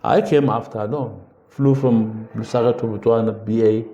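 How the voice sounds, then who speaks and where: An older man telling stories from his political past in an earnest, measured way, slowing down for emphasis. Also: medium pitch, steady tone, warm tone, reverberant, dull audio. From South Africa. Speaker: interview guest, veteran politician. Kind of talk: reflective storytelling in a podcast interview.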